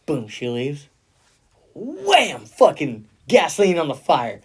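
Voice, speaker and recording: A man's voice: a little high, wildly swooping pitch, slow pace. A man in casual podcast chat, animatedly telling a story with frequent swearing and laughter.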